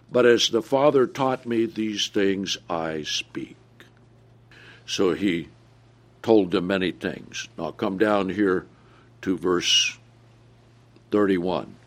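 A man preaching a sermon, asking the audience questions and answering them himself with emphasis. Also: medium pitch.

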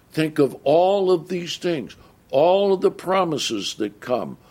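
A man preaching a sermon, reading scripture slowly and stressing key words. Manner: slow, emphatic reading with wide swings in pitch. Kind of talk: sermon, Bible exposition.

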